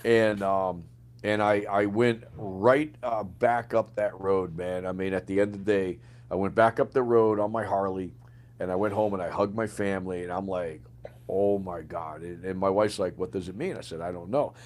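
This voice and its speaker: A man's voice: low-pitched, moderate pace. Older man telling vivid war stories. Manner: animated storyteller, acts out quoted dialogue, swears freely. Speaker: guest, retired Green Beret sergeant major. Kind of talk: casual storytelling interview.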